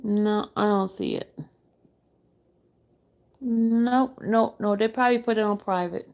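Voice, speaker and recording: A woman's voice: mid-range voice, slow, dull audio. A woman reacting to a livestream, exasperated, talking to her viewers while she searches for the clip. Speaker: commentary streamer.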